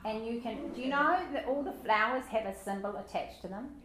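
A woman's voice: on the high side, fairly quick, a bit bright. A woman giving a Bible study teaching in a chatty way, with light self-deprecating asides. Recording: echoey room with faint background noise.

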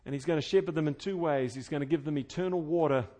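A man preaching an expository sermon, earnest and conversational, swinging between loud fervent emphasis and quiet intimate tones. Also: a little high, quick pace. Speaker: pastor.

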